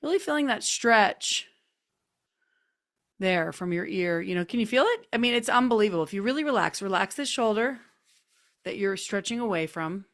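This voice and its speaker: Lady on a zoom call talking folks through a neck stretch, chatty, soft drawn-out cues. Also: medium pitch, expressive. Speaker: host leading a group session. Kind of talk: casual guided stretching instruction. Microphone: computer mic on a video call.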